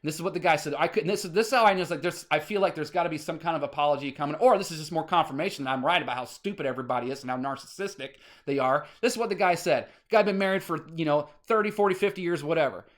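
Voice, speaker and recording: A man's voice: fairly high pitch, very fast, hardly any pauses. A man ranting in a casual vlog monologue, rambling and swearing as he gets worked up. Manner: agitated, rambling, swears often. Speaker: vlogger.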